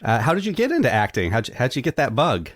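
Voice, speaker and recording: A man's voice: medium pitch, wildly swooping pitch, fast, fairly bright tone, no room sound, studio quality. A man hosting a podcast interview, asking questions in a friendly, lightly playful way. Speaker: podcast host. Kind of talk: casual interview chat.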